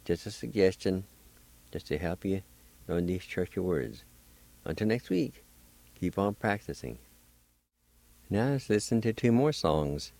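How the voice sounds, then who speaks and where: Deep, slow-spoken male radio teacher. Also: expressive, gravelly, mellow. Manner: spells words letter by letter and repeats each word slowly. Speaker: radio host teaching Cherokee words. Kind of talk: slow radio language lesson.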